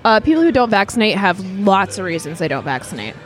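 A woman's voice: mid-range voice, very animated, quick pace, soft background music. A woman co-hosting a podcast in casual chat, frank and matter-of-fact.

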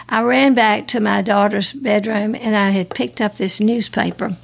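A woman's voice: mid-range voice, unhurried, gravelly, few pauses, breathy edge. A woman, telling her life story earnestly with restarts and laughs. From Alabama, US. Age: 80s. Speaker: guest sharing her testimony. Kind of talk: personal testimony.

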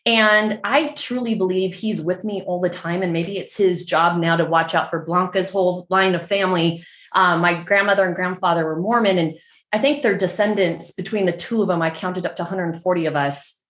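A middle-aged woman from San Francisco, telling a story as a podcast guest in a chatty, animated way full of fillers. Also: fairly low pitch, normal speed, reverberant. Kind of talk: casual storytelling.

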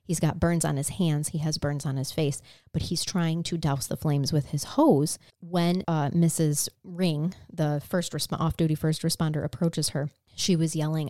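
A woman's voice: low-pitched, steady tone, normal speed, few pauses, mellow, dry recording, studio quality. A woman co-hosting a podcast, recounting a true crime case in an earnest, conversational way. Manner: earnest, conversational, emotionally moved. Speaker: podcast co-host.

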